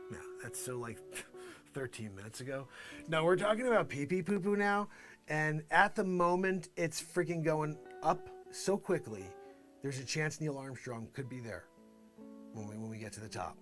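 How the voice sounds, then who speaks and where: A man improvises a comedy monologue as a boastful salesman, jumping from voice to voice. His voice sits high for a man. Faint guitar music plays behind him. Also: lively intonation, a bit bright. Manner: rapid character switching, brash salesman bravado. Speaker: comedy show host.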